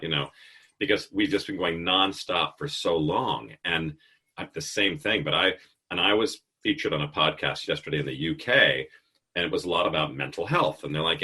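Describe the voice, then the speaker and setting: A man in his fifties hosting a casual interview, telling stories in an animated way and swearing freely. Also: low-pitched, moderate pace, slightly rough. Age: 50s. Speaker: podcast host.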